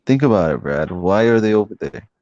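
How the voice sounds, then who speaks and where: A man's voice: fairly low pitch, expressive, fairly quick, darkish tone, no room sound, muffled recording. A man in a casual heated debate, telling stories in a rambling way, repeating himself and calling people bro. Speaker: debate participant.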